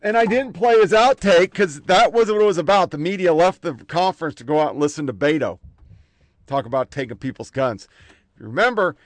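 A man hosts a political commentary show in a sarcastic, swearing rant, jumping from loud outbursts to low mutters. His voice sits a little high. The sound is dry and close, with no room around it. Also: lively intonation, a little fast, no room sound.

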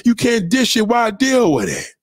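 A man's voice: extremely high pitch, wildly swooping pitch, moderate pace, no room sound, studio quality. A man in a heated, profane livestream rant, lecturing his audience.

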